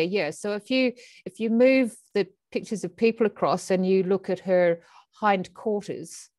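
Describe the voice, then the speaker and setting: A woman's voice: on the low side, dry recording, studio quality. A woman from Australia, an animal communicator talking casually, telling stories animatedly and acting out voices. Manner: animated storyteller who acts out voices. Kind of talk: casual conversation.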